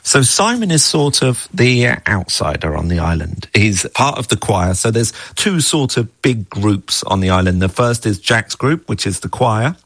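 Gravelly, thoughtful middle-aged man. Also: lowish voice, big pitch swings, moderate pace, hardly any pauses, a bit bright, no room sound. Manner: thoughtful, musing, with small laughs. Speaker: guest, screenwriter of the adaptation. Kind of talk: reflective interview talk.

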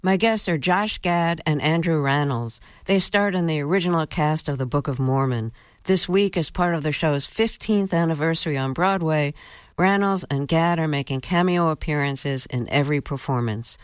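A woman hosting a radio interview, asking curious, measured questions. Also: low voice, clean tone, no room sound.

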